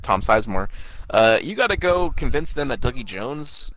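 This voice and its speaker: A man's voice: mid-range voice, very animated, normal speed, fairly bright tone, poor audio. A young man chatting casually as a podcast co-host, enthusiastically retelling scenes with quotes and frequent fillers. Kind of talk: casual chat.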